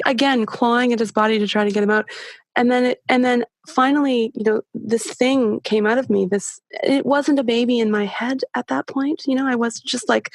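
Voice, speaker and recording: A middle-aged woman guest telling her story candidly, with many halting restarts. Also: a little high, dry recording, studio quality. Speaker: podcast guest. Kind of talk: personal storytelling.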